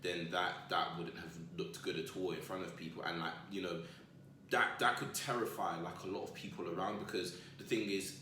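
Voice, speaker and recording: A man's voice: sits low, fairly even intonation, fairly quick, sharp tone, far from the mic, a little hiss or hum. A young man in laid-back casual chat, chipping in with slangy asides. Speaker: co-host. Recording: echoey room, sits off mic.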